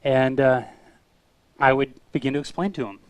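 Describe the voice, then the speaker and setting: A man's voice: mid-range voice, moderate pace, no room sound, dull audio. A man co-hosting a casual talk show, telling anecdotes and acting out the people in them. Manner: animated storyteller who acts out voices in his stories. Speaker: co-host of a street evangelism web show.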